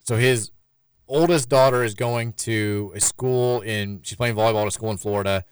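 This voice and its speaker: A man's voice: on the low side, moderate pace, clean tone, dry recording. A man hosting a casual sports radio show, reading listener texts aloud and rambling through his takes.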